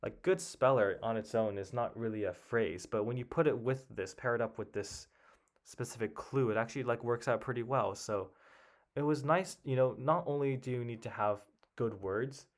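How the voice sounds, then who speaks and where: A man's voice: mid-range voice, moderate pace. Man muttering through a crossword. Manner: muttering guesses, thinking aloud. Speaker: puzzle solver. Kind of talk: casual solo commentary while solving.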